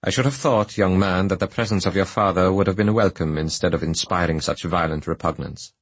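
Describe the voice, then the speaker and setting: A man reading as a grave, gentle old magistrate. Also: sits low, fairly quick, breathy edge, no echo. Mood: severe. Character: kindly older male magistrate, grave and gentle.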